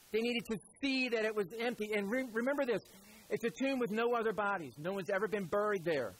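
A man's voice: sits high, breathy edge, rough recording. A male preacher giving a sermon in a conversational, storytelling way, often calling his listeners "guys".

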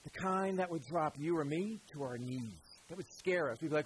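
A man's voice: a little high, a little fast, a little hiss or hum, poor audio. A male preacher giving a sermon in a conversational, storytelling way, often calling his listeners "guys".

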